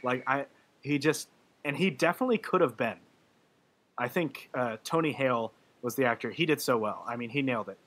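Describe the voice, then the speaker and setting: A young man with a bright, forceful voice talks casually on a movie podcast. He is earnest and gushing, full of ums and restarts as he recalls favourite scenes, at a mid pitch. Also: brisk, slight background noise. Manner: earnest, gushing, with frequent fillers. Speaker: podcast co-host. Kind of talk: casual movie review chat.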